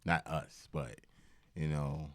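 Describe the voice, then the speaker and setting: A man's voice: a bass voice, little pitch movement, slow pace, a bit bright, a little hiss or hum. A man chiming in on a casual podcast with short agreements and crude jokes. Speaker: podcast co-host.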